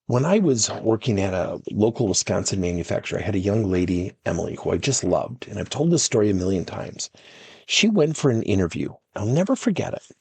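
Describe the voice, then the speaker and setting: Coach guy, rough husky voice, really animated storytelling. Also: fairly low pitch, a little fast, no echo. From United States. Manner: animated, acts out dialogue in stories. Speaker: workplace coach and podcast host.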